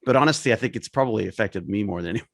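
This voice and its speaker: A man, an actor guest, musing with lots of restarts and trailing off softly at the ends of his thoughts. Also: on the low side, racing, no echo, studio quality. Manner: hesitant, restarts often, trails off quietly. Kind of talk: casual reflective chat on a video call.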